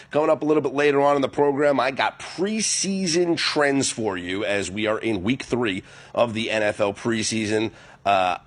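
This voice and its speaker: A man hosting a live sports betting radio show, chatty and animated with self-mocking asides. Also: medium pitch, breathy edge. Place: radio studio.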